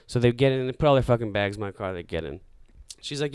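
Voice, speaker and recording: A man hosting a podcast, casually telling a story in a loose, profane, animated way full of acted-out dialogue. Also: medium pitch, quick pace, clean tone, no echo, studio quality. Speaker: podcast host.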